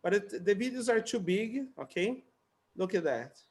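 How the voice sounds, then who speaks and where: A man's voice: sits high, animated, normal speed, darkish tone, slightly rough. A man teaching a casual English conversation class over a video call, chatty and laughing, repeating words so students can learn them.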